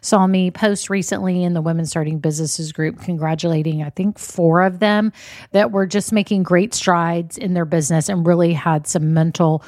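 A woman's voice: lowish voice, fairly even intonation, moderate pace, a little mellow, no room sound, clean studio sound. A woman, hosting a podcast in an upbeat, chatty, encouraging way. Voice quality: slightly scratchy voice. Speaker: podcast host. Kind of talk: casual podcast chat.

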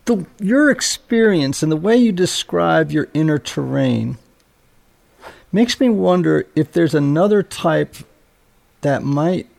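Gravelly, slightly high-voiced male host. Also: animated, takes it slowly, a little mellow. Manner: hesitant, restarts phrases while forming thoughts. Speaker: podcast host. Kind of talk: conversational interview.

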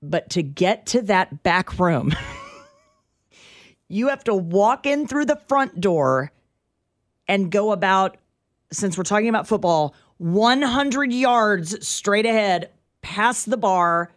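A woman's voice: mid-range voice, lively intonation, slow, no echo, studio quality. A woman co-hosting a talk radio show, bantering with wry, emphatic remarks and a ready laugh.

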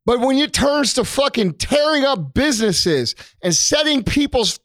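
A man from the United States goes on a fiery, profanity-laced podcast rant. His voice sits high and jumps all over the place as he hammers his points home. It's recorded close and dry. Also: big pitch swings, measured pace, a bit bright, dry recording. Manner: profane, emphatic, preachy. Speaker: podcast co-host.

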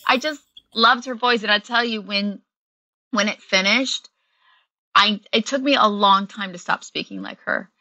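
A woman with a bright, clear voice talks casually as an interview guest, filling her sentences with little fillers and easy laughter. The sound is close and dry, with no room around her. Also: medium pitch, a little slow, dry recording, poor audio. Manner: chatty, many fillers, laughs often. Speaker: actress guest.

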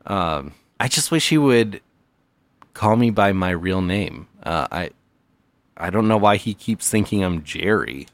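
Deep-voiced playful comedy podcast host. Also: male voice, expressive, unhurried, no room sound. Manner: mock-earnest, playful, stammering. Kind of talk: comedy podcast with call-ins.

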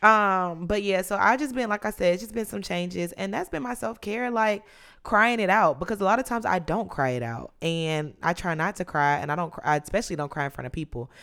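A woman in her mid-twenties hosting her own podcast, chatting candidly with drawn-out emphasis. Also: mid-range voice, fairly bright tone. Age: 20s. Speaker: podcast host. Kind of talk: casual solo podcast chat.

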